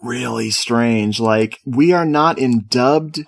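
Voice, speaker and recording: A man's voice: mid-range voice, slow, gravelly, dry recording. Joking man co-hosting a movie podcast. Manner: joking, sardonic. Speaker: podcast co-host. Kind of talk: casual movie review chat.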